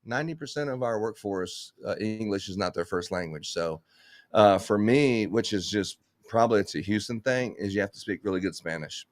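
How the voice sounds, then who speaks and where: A man's voice: lowish voice, expressive, moderate pace, no echo. A man who runs a Christmas lights business, talking bluntly in a casual live chat, swearing and laughing often.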